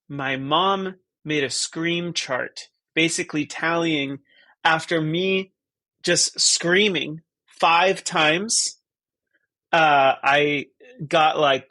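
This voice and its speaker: A man's voice: fairly high pitch, creaky, pushed and bright, dry recording. A man in his thirties, a guest on a podcast, chatting casually in a rambling, stop-start way. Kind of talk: casual conversation.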